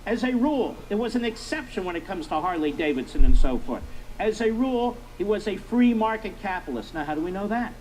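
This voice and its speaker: Middle-aged guy ranting on political talk, pitched kinda high, hammers the same points over and over. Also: lively intonation, brisk, a little mellow, a little hiss or hum, low-quality recording. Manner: emphatic, rhetorical questions, repetition. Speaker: talk show host. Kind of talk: political commentary monologue.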